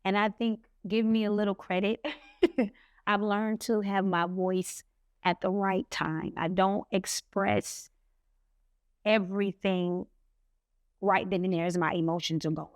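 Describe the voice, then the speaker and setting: Slow, earnest woman podcast co-host. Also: medium pitch, little pitch movement, no echo, studio quality. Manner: slow, earnest, reflective with pauses. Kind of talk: heartfelt podcast talk.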